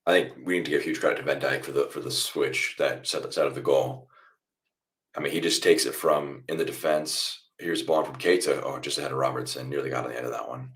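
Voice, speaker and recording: A man's voice: very deep voice, fairly quick. A young man hosting a live football watchalong, chatting casually and calling the plays as he watches. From United States. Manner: chatty, reacts loudly to goals then explains calmly. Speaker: watchalong host.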